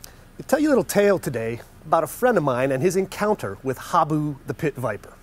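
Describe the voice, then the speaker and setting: A man's voice: on the high side, big pitch swings, fairly quick. A middle-aged man telling a story in a casual, wry way, with some swearing and laughs.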